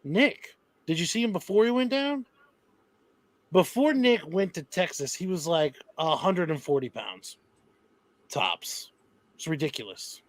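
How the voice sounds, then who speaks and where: A man's voice: on the high side, expressive, unhurried, pauses often, no echo. A man hosting a podcast, chatting in an enthusiastic, rambling way and laughing often. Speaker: podcast host. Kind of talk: casual podcast chat.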